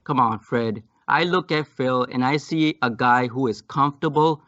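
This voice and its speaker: A man's voice: medium pitch, moderate pace, fairly bright tone, no echo. Blunt man on a dry lo-fi line. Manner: blunt, confrontational, crude. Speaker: podcast guest, debater. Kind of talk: heated podcast debate. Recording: dull, dry lo-fi call audio.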